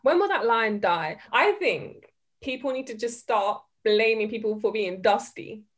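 A woman's voice: fairly high pitch, lively intonation, measured pace. A young woman in casual chat, asking exasperated rhetorical questions.

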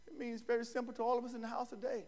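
A man preaching an impassioned sermon in a church, shouting and repeating his lines in a rhythmic cadence. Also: very high-pitched, monotone, rapid-fire. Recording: long church reverb.

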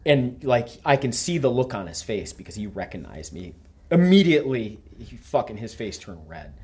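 A man's voice: mid-range voice, moderate pace, breathy edge. A middle-aged man hosting a podcast, telling a story casually with lots of swearing and acting out the dialogue. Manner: profane, animated storyteller who acts out quoted dialogue. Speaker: podcast host.

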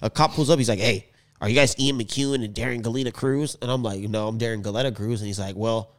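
A man's voice: medium pitch, fast. A man co-hosting a podcast, telling stories in casual slang and acting out what people said. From Filipino family. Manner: animated slangy storyteller, acts out quotes. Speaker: podcast co-host. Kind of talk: casual chat, storytelling.

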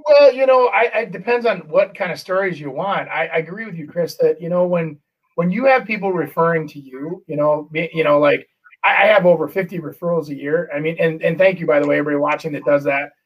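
A middle-aged man, a real estate agent, telling a story in casual chat, animated and full of restarts. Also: on the high side, fast, far from the mic, muffled recording. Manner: animated, acts out quotes, many restarts.

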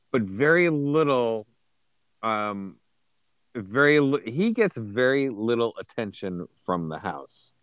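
A man's voice: medium pitch, a bit bright, no room sound. A man co-hosting a book podcast, chatting casually with a wry, dry sense of humor. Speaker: podcast co-host.

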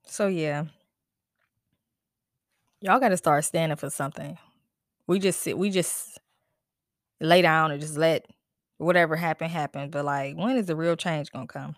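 In a clean, echo-free studio recording, a mother hosting a podcast rants on her own with an expressive, lowish voice, unhurried and full of long pauses. She's angry, exasperated and drained, swearing and repeating her questions.

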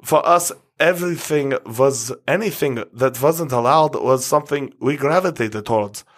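A man's voice: medium pitch, moderate pace, lightly acted. A man putting on a lisping mock-German soldier. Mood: pleading. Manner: mock German accent, slight lisp. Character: remorseful Austrian male soldier in court.

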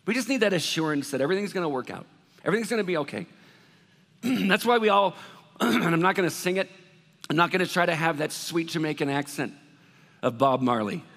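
A high-voiced man preaches to his congregation, chatty and animated, now and then slipping into worried voices. His voice rings through the long reverb of a big church hall. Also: fairly quick, long pauses. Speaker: pastor. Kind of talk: sermon.

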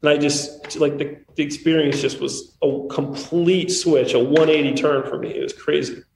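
A man's voice: on the high side, fairly even intonation, normal speed, gravelly, a little mellow, slight background noise. A man in his thirties, a podcast guest, telling stories in a candid, rambling way full of fillers. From Missouri small town. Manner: candid, rambling storyteller with many likes. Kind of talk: casual chat. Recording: roomy remote call audio with faint background.

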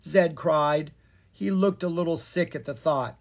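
A narrator reading a children's fairy-tale chapter book with expressive, animated storytelling. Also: mid-range voice, a little slow, breathy edge. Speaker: audiobook narrator.

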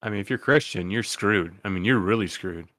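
A man's voice: lowish voice, fairly quick, pushed and bright. A man co-hosting a casual political podcast, talking bluntly, getting heated and swearing. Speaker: podcast co-host.

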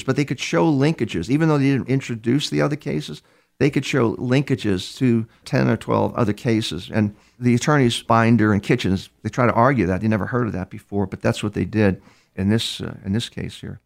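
An older man, a criminal profiler being interviewed, telling stories in a halting way, repeating words and acting out quoted dialogue. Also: mid-range voice, creaky. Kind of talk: storytelling interview answers.

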